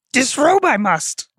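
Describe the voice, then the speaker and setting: A man's voice: very high voice, a bit bright, breathy edge, no room sound, studio quality, voice pushed up, exaggerated voice. A man voicing a small, old green alien sage who speaks in inverted word order.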